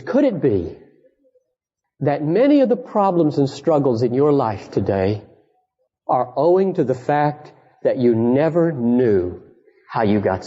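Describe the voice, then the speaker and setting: A man preaching a sermon with passion, swinging from high, emphatic peaks down to hushed storytelling. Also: slightly rough. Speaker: pastor. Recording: dull archival sermon recording in a reverberant hall.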